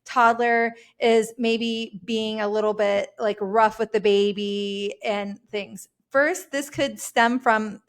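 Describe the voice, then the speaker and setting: Measured woman parenting expert. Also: fairly high pitch, fairly even intonation, clear, resonant tone. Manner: measured, explanatory, frequent "like" fillers. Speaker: podcast guest, parenting educator and author. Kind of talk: explanatory podcast conversation.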